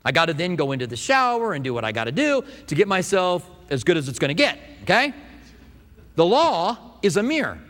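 A man preaching a sermon, telling stories and acting out quotes in an animated way. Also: high-pitched, fairly quick, big-room sound. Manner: animated storytelling with acted-out quotes. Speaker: pastor.

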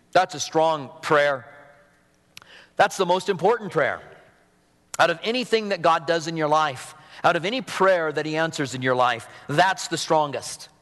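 A man's voice: a little high, a bit bright, in a large hall. A man preaching a sermon from a pulpit in a conversational, earnest manner, sniffly from a cold, with humorous asides. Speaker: pastor. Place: church sanctuary at a pulpit.

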